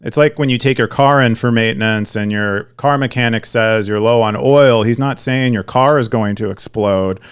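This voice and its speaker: A man's voice: medium pitch, moderate pace, hardly any pauses, smooth. A young man co-hosting a podcast, talking casually with frequent fillers and restarts. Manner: rambling, many restarts and fillers. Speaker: podcast co-host. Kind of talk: casual chat.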